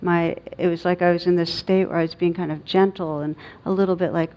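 Halting, reflective woman giving a dharma talk. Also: fairly low pitch, flat delivery. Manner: reflective, halting storytelling with many fillers. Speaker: meditation teacher. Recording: dull lo-fi recording.

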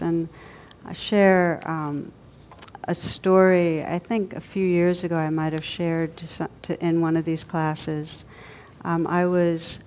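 A middle-aged woman, a meditation teacher, giving a dharma talk in a reflective, halting way with many pauses and fillers. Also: on the low side, darkish tone. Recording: dull lo-fi recording.

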